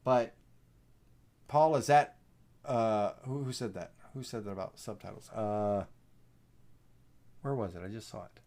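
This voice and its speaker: A man with a Southern US accent hosting a live software tutorial, rambling and folksy with lots of fillers. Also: on the low side, unhurried, pauses often. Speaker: host.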